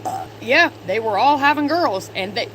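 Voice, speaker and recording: A woman's voice: fairly high pitch, moderate pace. Chatty, cursing young woman vlogger. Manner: chatty, profane storytelling. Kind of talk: casual chat while doing makeup. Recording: steady background noise.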